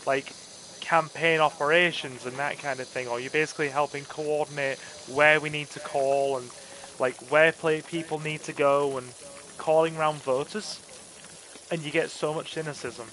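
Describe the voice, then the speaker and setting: A man with a voice pitched a little high for a man talks over a game session. He rants earnestly and trips over his own words as he goes. A faint hiss sits behind him. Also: a bit bright, low-quality recording. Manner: earnest, ranting political talk with many restarts. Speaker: gaming channel host and campaign volunteer. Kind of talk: casual chat while playing a game.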